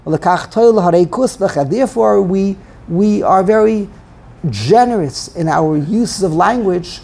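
A man teaching a text study class, thinking aloud in a halting way and often repeating words. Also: high voice, animated, gravelly, dark tone.

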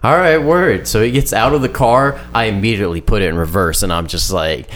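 A man with a very deep voice hosts a casual podcast chat. He tells stories in a relaxed, rambling way, swearing often and voicing the people in them. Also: quick pace. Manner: profane, laid-back storytelling with lots of "like". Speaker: podcast host.

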